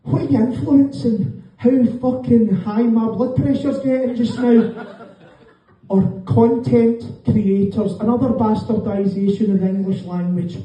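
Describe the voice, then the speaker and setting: Middle-aged Scottish stand-up, sweary and mocking, heard from a distance in a dull-sounding club. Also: male voice, very high-pitched, fairly even intonation, unhurried. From Scotland. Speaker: stand-up comedian. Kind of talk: stand-up comedy set. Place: comedy club, live audience. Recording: echoey room, distant mic, dull sound. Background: audience laughter.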